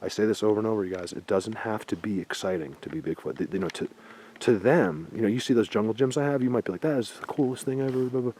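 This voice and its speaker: Male outdoor vlogger, low voice, grumpy and insistent, a little breathless, faint background noise. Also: fast, darkish tone. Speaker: Bigfoot researcher vlogger. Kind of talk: casual outdoor vlog talk. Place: snowy forest outdoors.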